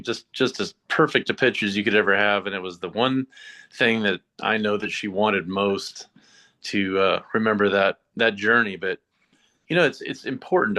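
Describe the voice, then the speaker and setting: A man with a low voice speaks slowly and earnestly. He reflects on his thoughts with halting pauses, filling gaps as he goes. He is a guest chatting casually on a podcast. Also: pushed and bright. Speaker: horse trainer, podcast guest. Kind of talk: casual interview chat.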